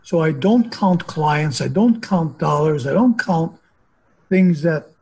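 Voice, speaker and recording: A man's voice: fairly high pitch, slow, darkish tone, husky, poor audio. An older man, a hypnotherapist guest, talking in a philosophical, rambling conversational way. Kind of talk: casual conversation.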